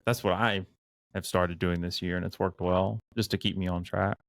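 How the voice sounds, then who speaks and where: A man's voice: low voice, steady tone, normal speed, gravelly, dry recording. A man in a casual group discussion, speaking reflectively and searching for the right words. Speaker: podcast panelist.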